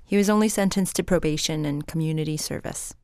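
A woman host narrating a radio documentary in a plain, measured way. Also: deep voice, darkish tone, no room sound, clean studio sound.

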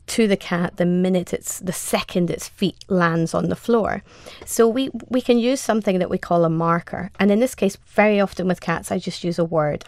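In an interview, a cat behaviour expert calmly explains training one step at a time, giving examples as she goes. Her voice sits on the low side, and the studio-quality recording has no room sound.

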